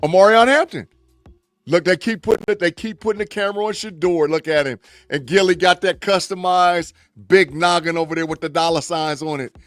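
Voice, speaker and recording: A man co-hosting a live sports podcast, excitable and jokingly melodramatic, talking over a call. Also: high-pitched, a little fast, no room sound, soft background music. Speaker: podcast co-host. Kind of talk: casual sports chat.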